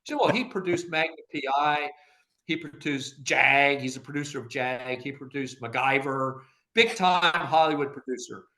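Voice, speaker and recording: At a moderate pace and in a mid-range voice, an older man, once an agency director, tells interview anecdotes. He animatedly acts out the dialogue he quotes and laughs frequently.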